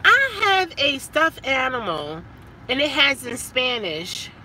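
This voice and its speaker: A woman chats casually and slowly in a car, her pitch swinging widely as she talks. Her voice is very bright, and faint road noise runs underneath. She stumbles over words as she goes. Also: huge pitch swings, rough recording. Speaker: vlogger and rideshare driver. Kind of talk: casual chat.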